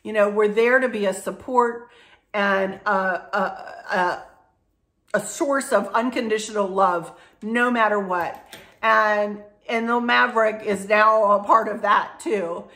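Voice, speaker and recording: A woman's voice: mid-range voice, fairly even intonation, slow pace, fairly bright tone. A middle-aged woman chatting casually to her viewers, emotional and rambling, with frequent restarts. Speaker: vlogger. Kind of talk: casual chat to camera.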